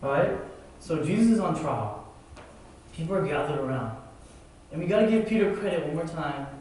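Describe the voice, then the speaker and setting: A man's voice: on the high side, expressive, normal speed, darkish tone. A young man preaching a casual sermon, talking loosely and conversationally with lots of "like" and "man". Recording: echoey hall from far off, faint noise.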